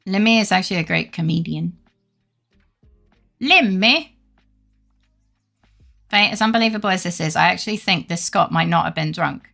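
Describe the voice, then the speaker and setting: A woman's voice: fairly low pitch, fast talker, creaky, few pauses, fairly bright tone, soft background music. A young woman chatting casually on a game live stream, reading chat and rambling with freely dropped swears.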